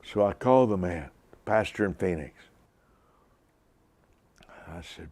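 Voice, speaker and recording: A man in his seventies delivering a sermon, preaching with deliberate, repetitive emphasis and personal stories. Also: low-pitched, animated, a little mellow, no echo. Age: 70s. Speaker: televangelist preacher.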